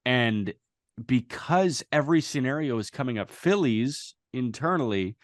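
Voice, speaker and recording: A man's voice: medium pitch, animated, a little slow, dry recording. A man co-hosting a casual sports podcast, talking loosely and sarcastically, swearing freely on a close mic. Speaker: podcast co-host.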